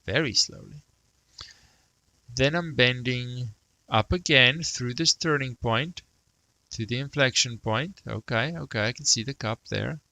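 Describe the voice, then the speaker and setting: Gravelly, bright-voiced man teaching math. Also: mid-range voice, measured pace, no echo, poor audio. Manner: self-talk, mutters, jokes about praising himself. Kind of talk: thinking aloud while sketching a graph.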